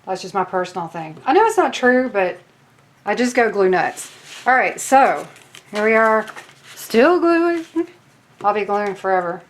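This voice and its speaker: With lively intonation, a medium pitch, and a moderate pace, a Southern US woman leads a casual craft tutorial. She works as she talks to viewers, often joking at her own expense.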